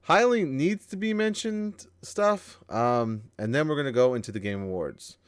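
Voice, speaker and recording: A man co-hosts a casual gaming news chat in a clear, resonant mid-range voice with lively intonation, speaking at a normal speed. He rambles, swears, restarts his sentences often, and jokes at his own expense. The recording is dry, with clean studio sound.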